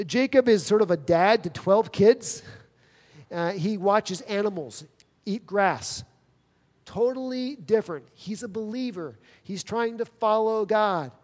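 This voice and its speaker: Recounting a personal story in his sermon, a pastor speaks conversationally and voices the dialogue. He sounds high and a bit mellow, a little slow, with a big hall's long reverb around him.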